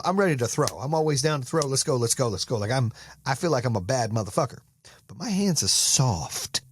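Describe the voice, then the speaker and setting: A man's voice: medium pitch, fairly bright tone, breathy edge, no echo, clean studio sound. An American man hosting a podcast, delivering an intense, profane motivational monologue. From United States. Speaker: podcast host.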